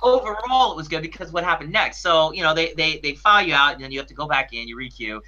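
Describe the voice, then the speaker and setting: A man's voice: a little high, fast, sharp tone, muffled recording. A man co-hosting a podcast, telling a story in casual chat with lots of restarts and fillers. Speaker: podcast co-host.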